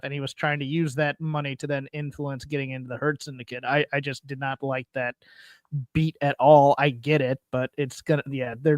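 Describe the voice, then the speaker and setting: A man's voice: a little high, no room sound. A man co-hosting a podcast, critiquing a wrestling show with strong opinions. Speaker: podcast co-host. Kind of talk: casual wrestling recap chat.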